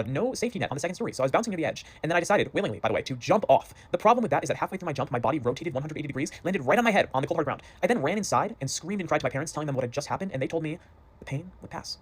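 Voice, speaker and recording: A man telling a personal story in a dry, self-deprecating way. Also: mid-range voice. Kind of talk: storytelling monologue.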